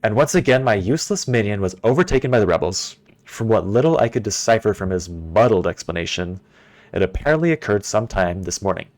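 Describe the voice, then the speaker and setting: A man's voice: on the low side, lively intonation, fast, darkish tone. A man reading aloud as an arrogant older tyrant who writes scornful journal entries in a game. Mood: haughty.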